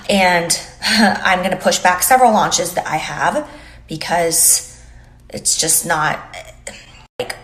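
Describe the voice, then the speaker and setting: A woman's voice: low-pitched, a bit bright, reverberant. A woman founder of a beauty brand making an emotional, earnest apology on her phone, rambling with lots of "like", close to tears. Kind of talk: apology video on social media. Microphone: phone held to face.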